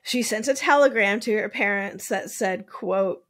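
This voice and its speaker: A woman's voice: mid-range voice, a little slow, a bit bright. A woman host telling a true-crime story in a casual, chatty way, full of "like" and wry asides, now and then swearing. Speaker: podcast host.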